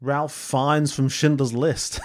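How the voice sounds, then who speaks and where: A man's voice: mid-range voice, level tone, slow pace. A man co-hosting a podcast, talking in a rambling, casual way with many fillers and frequent laughs. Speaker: podcast co-host. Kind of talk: casual film discussion chat.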